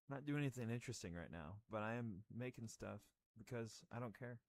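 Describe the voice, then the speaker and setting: A man's voice: medium pitch, unhurried. A young man chatting casually on a livestream while crafting, rambling with goofy, playfully sarcastic asides in a slightly crackly voice. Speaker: streamer.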